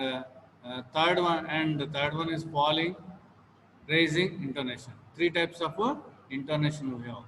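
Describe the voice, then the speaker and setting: A man's voice: fairly high pitch, a bit bright. Man teaching in a reverberant classroom. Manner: repeats each example several times, modelling stress and intonation. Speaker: English teacher. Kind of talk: classroom lecture. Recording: long classroom reverb, faint noise.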